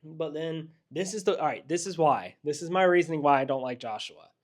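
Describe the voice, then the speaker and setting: A man's voice: on the high side, fairly quick. A man co-hosting a podcast, casually recapping a horror movie scene by scene and mimicking characters as he goes. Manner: animated storyteller, mimics characters in quotes. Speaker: podcast co-host.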